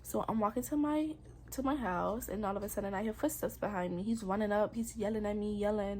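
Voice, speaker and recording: A woman's voice: mid-range voice, a little fast, darkish tone, a little hiss or hum. A young adult woman telling her own story in a personal vlog, candid and earnest, with casual slang. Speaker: vlogger.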